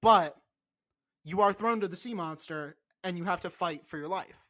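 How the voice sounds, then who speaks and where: A man co-hosting a podcast in casual chat, animated and insistent, swearing freely. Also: high voice, normal speed. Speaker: podcast co-host.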